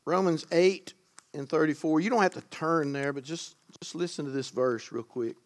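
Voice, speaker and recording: In a sermon delivered at a moderate pace, this man's fairly high voice rises loudly on key words. He breaks off now and then for casual asides to the congregation.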